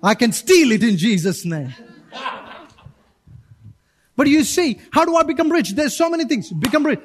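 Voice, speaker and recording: A pastor with a strikingly high voice preaches to his congregation in a lively, conversational style. He is animated, slipping into quick acted-out voices before returning to direct appeals.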